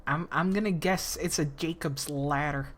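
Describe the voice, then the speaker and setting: A woman's voice: sits low, moderate pace, a little hiss or hum. A woman streamer chatting casually and crudely, swearing and joking as she reacts to a story. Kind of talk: casual live-stream chat.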